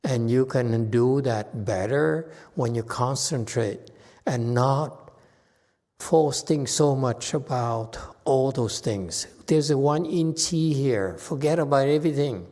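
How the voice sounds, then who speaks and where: A man's voice: mid-range voice, slow pace, dark tone. A man leading a dharma talk and answering questions, blunt and exasperated as he scolds his students. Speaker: meditation master answering questions. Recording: long hall reverb.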